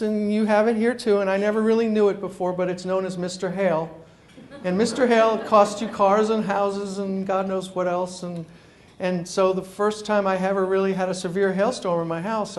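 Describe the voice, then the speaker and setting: A man giving a talk to a live audience, telling a personal story with lots of energy, acting out the people in it and stumbling over repeated words as he starts sentences. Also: sits high. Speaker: consumer columnist giving a talk. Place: meeting room before a live audience.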